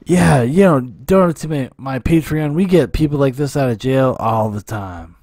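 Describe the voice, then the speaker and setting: A man's voice: medium pitch, normal speed, darkish tone, no echo. A man hosting a podcast, joking with dry, mock-formal sarcasm in casual commentary. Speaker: podcast host.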